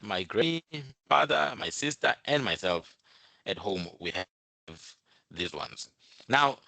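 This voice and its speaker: Man, informal explainer, bright tone, dry close sound. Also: on the low side, dry recording. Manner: explains step by step, repeats points, many fillers. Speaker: channel host.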